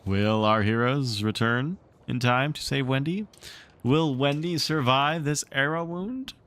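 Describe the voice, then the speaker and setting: A man reading a storybook aloud on a stream and chatting casually, animated and playful. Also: medium pitch, a little slow. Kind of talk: read-aloud narration and casual stream chat.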